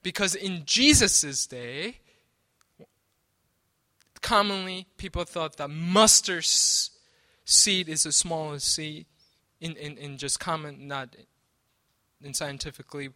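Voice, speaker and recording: A male pastor preaches in a fairly high voice with a bright, ringing edge, speaking slowly and pausing often. Rather than following a script, he talks conversationally, stammering, restarting and repeating words, and keeps punctuating his points with "right?"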